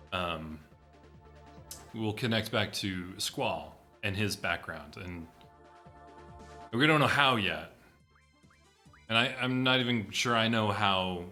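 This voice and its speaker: Bright-voiced, low, animated male commentator. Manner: animated, self-correcting, chatty. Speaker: guest commentator. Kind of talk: casual commentary chat.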